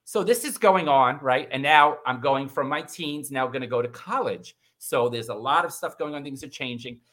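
Animated storytelling man, bright voice. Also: normal speed. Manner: animated, acts out quoted voices with big pitch jumps. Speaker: guest. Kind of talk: casual storytelling.

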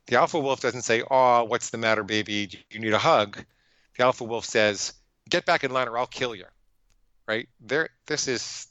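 Emphatic man with a bright, forceful voice. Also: fairly low pitch, no echo, muffled recording. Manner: earnest, emphatic, animated with quoted inner voices. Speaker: psychologist guest. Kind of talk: conversational interview storytelling.

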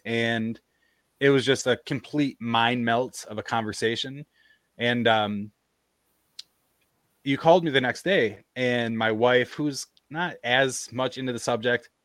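A man hosting a podcast tells a story in easy, casual chat. He slips into quoted voices as he goes. His voice sits at a middle pitch and sounds dry and close. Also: a bit bright, dry recording. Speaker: podcast host.

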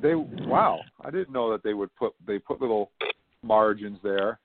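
A man's voice: lowish voice, lively intonation, measured pace, no room sound. A male host in a casual chat, chatty and easily impressed, heard over a phone line. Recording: dry, tinny phone line.

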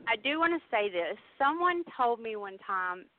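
A woman's voice: on the high side, sing-song, normal speed, no room sound. A chatty Southern woman who laughs easily, a contestant on a radio game show. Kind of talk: casual radio chat. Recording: tinny phone line, dry.

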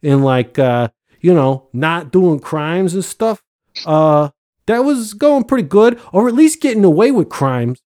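A man's voice: fairly high pitch, lively intonation, measured pace, mellow. A man from the United States hosting a podcast from home on a computer mic, rambling and joking with lots of fillers and swearing. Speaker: podcast host. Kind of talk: casual chat. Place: home, living abroad. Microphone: computer microphone.

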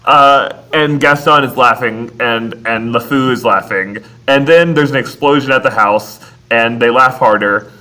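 A man's voice: mid-range voice, unhurried, bright, forceful tone. A man co-hosting a casual film-recap chat, laughing often and acting out characters' lines. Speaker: podcast co-host.

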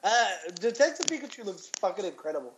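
A man's voice: high voice, very animated, fast, background noise. A man co-hosting a casual podcast chat, rambling and swearing with lots of restarts. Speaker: podcast co-host.

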